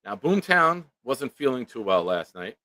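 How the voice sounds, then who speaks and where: A man's voice: medium pitch, very animated, moderate pace, bright, forceful tone, no echo. A man hosting a casual live-stream chat, joking around and reading viewer comments aloud. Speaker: show host.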